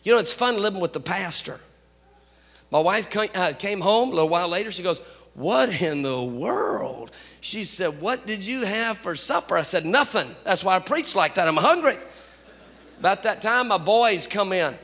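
Male pastor, sermon delivery, bright tense tone, long church-hall reverb. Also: sits high, moderate pace. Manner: animated storytelling preacher, rising to shouts.

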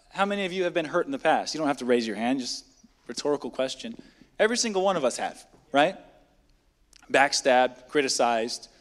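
The recording catches long hall reverb as a man preaches midweek in a church sanctuary. His voice sits on the high side with a fairly bright tone, and he keeps it conversational while throwing rhetorical questions at the congregation.

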